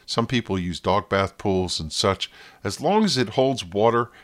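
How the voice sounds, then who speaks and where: A man's voice: fairly low pitch, animated, a little slow. A man from New Jersey with a New Jersey accent, hosting a podcast in a scripted, playful monologue that now and then slips into a radio-announcer voice. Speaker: podcast host.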